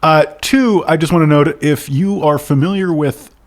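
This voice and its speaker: A man's voice: on the high side, moderate pace. A man co-hosting a casual comedic book podcast, dry and wry in his jokes. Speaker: podcast co-host.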